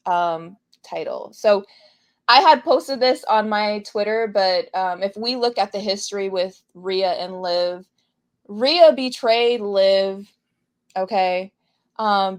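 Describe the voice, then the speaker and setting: A woman co-hosting a casual podcast, chatting animatedly about the week's wrestling, laughing often and trailing off mid-thought. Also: medium pitch. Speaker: podcast co-host. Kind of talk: casual wrestling recap chat.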